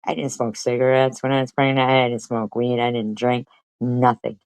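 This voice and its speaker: A woman's voice: a bass voice, flat delivery, normal speed, a little mellow, smooth, no room sound, rough recording. A woman live streamer arguing in a profane, confrontational and mocking way. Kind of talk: heated live-stream commentary.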